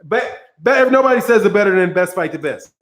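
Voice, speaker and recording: A man's voice: high-pitched, expressive, fast, fairly bright tone. A man hosting a boxing commentary channel, ranting in a heated, profane way, repeating himself and breaking into laughter.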